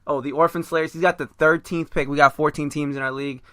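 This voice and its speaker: A man hosts a laid-back podcast with a bright, crisp voice, a touch higher than most men. He rambles and pokes fun at himself. The sound is close and dry. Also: steady tone, quick pace, no room sound. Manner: rambling, joking and self-mocking. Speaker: podcast host. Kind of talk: casual chat.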